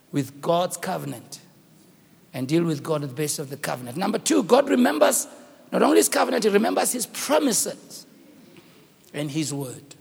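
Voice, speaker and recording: A man preaching a dramatic sermon, acting out the dialogue with shouts. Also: fairly high pitch, gravelly, slightly rough, big-room sound.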